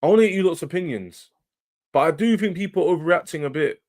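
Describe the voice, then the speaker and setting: A man's voice: on the high side, fast talker, a little mellow. A man hosting a football livestream, talking casually and animatedly to his chat in slang. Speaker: football channel livestream host.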